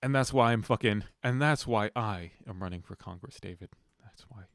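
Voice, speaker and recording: A man's voice: fairly low pitch, moderate pace, dry recording. A young man co-hosting a casual podcast, joking and swearing as he riffs, putting on mocking voices. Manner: jokey, profane, does mocking voices of politicians. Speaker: podcast co-host. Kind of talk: casual banter.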